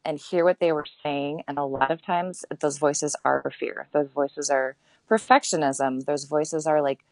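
A woman in her thirties with a low voice talks candidly as an interview guest, often stopping and restarting her sentences. The recording is dry and close. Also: fairly even intonation, unhurried, no echo, low-quality recording. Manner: reflective and candid, with frequent fillers and restarts. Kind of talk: casual interview chat.

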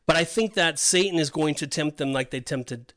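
A man's voice: on the high side, normal speed, a bit bright, no echo. A man co-hosting a podcast, talking through Bible passages in a loose, rambling way with frequent restarts. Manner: rambling, restarts often, explains with scripture references. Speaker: podcast co-host. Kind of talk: casual Bible discussion.

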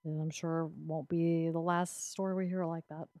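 A woman co-hosting a casual podcast, reading out news stories in a measured, mildly wry way. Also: low voice, level tone, a little mellow, no echo, clean studio sound.

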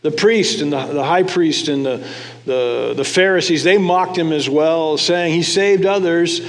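A man's voice: fairly high pitch, unhurried, big-room sound, a little hiss or hum. A man preaching a sermon in a conversational way, reading scripture and asking the congregation questions. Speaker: pastor.

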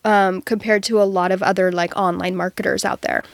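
A woman's voice: mid-range voice, little pitch movement, a little fast, vocal fry, no room sound. A woman in her thirties, a marketing coach, talking casually in an interview and using lots of "um" and "like". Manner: chatty, many fillers like "um" and "like". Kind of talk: conversational interview.

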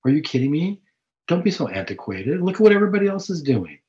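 A taunting male devil, as a man puts him on fires off quick, mocking questions in a voice pitched up from his usual. The delivery hurries along, pushy and goading. The sound is dull and lo-fi. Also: big pitch swings, mellow. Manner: taunting, rapid-fire questions. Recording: dull lo-fi recording.

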